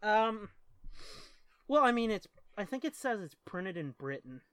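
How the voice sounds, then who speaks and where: A man with a high voice and big pitch swings speaks unhurriedly and smoothly, with no echo. Co-hosting a podcast in casual chat, he jokes, swears freely, and gets sidetracked easily.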